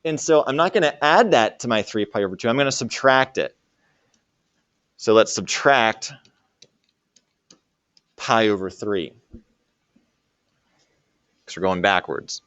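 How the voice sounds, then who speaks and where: A man's voice: on the low side, animated, unhurried, long pauses, fairly bright tone, smooth, dry recording, lo-fi sound. A man teaching a math lesson to a classroom and joking with his students as he works through problems. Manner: jokey, talks to students while working problems. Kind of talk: classroom lecture.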